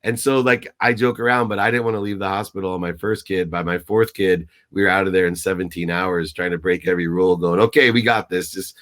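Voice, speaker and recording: A middle-aged man with a very low voice, talking as a guest mentor in an interview. He speaks emphatically and with feeling, stumbling into restarts. His voice is a little choked up. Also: fairly even intonation, fast talker, hardly any pauses, fairly bright tone. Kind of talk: motivational interview talk.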